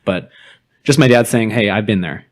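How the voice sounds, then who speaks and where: A man with a fairly low voice, chatting casually as a podcast co-host. He talks openly and laughs at himself as he tells personal stories. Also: normal speed. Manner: open, laughing, self-deprecating storytelling. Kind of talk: casual chat.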